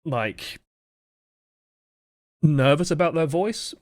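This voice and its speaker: A young man coaching players, giving a live-streamed review of gameplay footage. He talks fast in a projected, expressive way and swears casually. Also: on the high side, no echo, clean studio sound.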